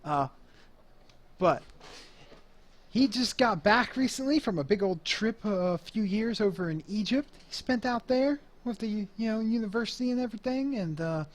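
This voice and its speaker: A touchy nightclub owner, played by a man at the table, all showman bluster on the surface. He gets prickly and fast-talking when questioned about his brothers. His voice sits a little high. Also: animated.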